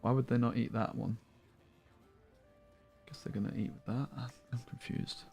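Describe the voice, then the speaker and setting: A man's voice: mid-range voice, fairly even intonation, moderate pace, vocal fry, darkish tone, husky, soft background music. Man joking through gameplay commentary. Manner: jokey banter with viewers, muttering asides. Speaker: card game streamer.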